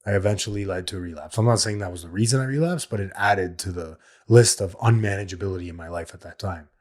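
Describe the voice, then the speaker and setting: A man's voice: sits low, fast talker, a little mellow. A man hosting a solo recovery podcast, talking in an earnest, plain-spoken way and repeating his key points. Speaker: podcast host.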